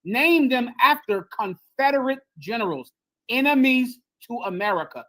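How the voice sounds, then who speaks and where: A woman's voice: fairly high pitch, animated, normal speed, fairly bright tone, low-quality recording. Impassioned woman lecturing on a livestream. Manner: emphatic and preachy, repeats phrases for effect. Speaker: livestream host and teacher. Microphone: streaming software on a video call.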